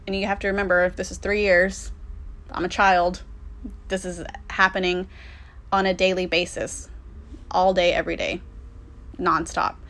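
A woman's voice: fairly low pitch, a bit bright. A young woman telling a personal story in a casual, candid way, with lots of fillers and swearing.

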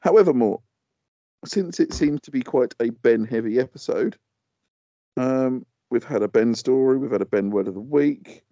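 A podcast co-host with a warm, mid-range voice chats at a moderate pace, grumbling good-naturedly about his pet peeves. There's no echo, and the podcast audio sounds dull and lo-fi.

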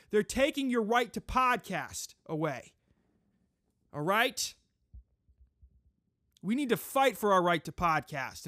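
High-voiced man in a crude comic rant. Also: fairly bright tone, no room sound, clean studio sound. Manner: crude, profane, mock-pompous ranting. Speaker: podcast host. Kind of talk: comedic monologue.

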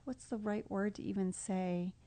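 A woman's voice: medium pitch, fairly even intonation, moderate pace, dark tone. A middle-aged woman, a podcast guest, talking in a casual, heartfelt way, reflective and tender, often emotional.

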